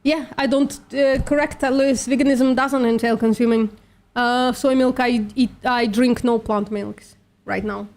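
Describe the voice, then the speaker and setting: Blunt woman on a live stream, argues hard, swears a lot, fairly high voice. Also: steady tone, normal speed, a little mellow. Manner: blunt, argumentative, swears, calls others sweetie. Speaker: streamer, vegan activist.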